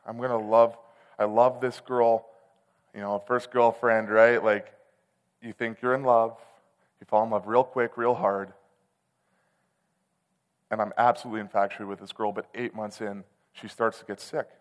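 A man preaching a sermon, telling a personal story in a candid, conversational way that swells into loud, passionate outbursts. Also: fairly low pitch, level tone, normal speed, long pauses. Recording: long hall reverb.

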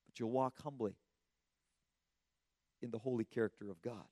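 A slightly hoarse man preaching a sermon in an earnest, emphatic way, asking rhetorical questions and often restarting his words. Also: medium pitch, steady tone, normal speed, darkish tone, no room sound, studio quality. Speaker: pastor.

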